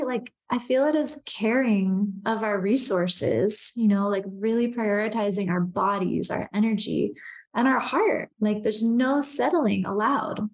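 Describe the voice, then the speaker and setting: Candid woman speaking casually on a podcast. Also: a little high. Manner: candid, animated, frequent "like" fillers. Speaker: podcast guest. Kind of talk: casual conversation.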